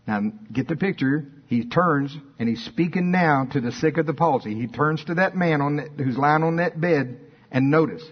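Husky-voiced man preaching a sermon. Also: on the high side, normal speed, lo-fi sound. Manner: fervent, reads scripture aloud.

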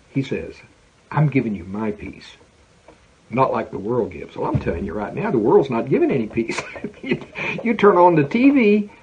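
A man preaching a folksy, animated sermon as pastor, with emphatic repetition. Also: mid-range voice, breathy edge, highs cut off. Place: prayer center.

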